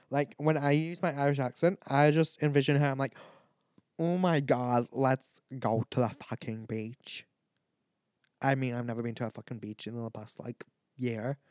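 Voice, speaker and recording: A man's voice: medium pitch, darkish tone, no echo, studio quality. A tipsy man, chatting loosely and swearing as a podcast host. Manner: rambling, chatty, swears a lot, laughs at himself. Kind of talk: casual drunk chat, ranking canned cocktails.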